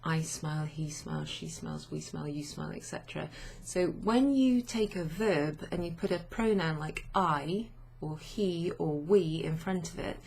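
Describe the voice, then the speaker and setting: A woman language teacher explaining grammar to her students in an unhurried way, thinking aloud with many fillers. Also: low voice, vocal fry, darkish tone, slight background noise.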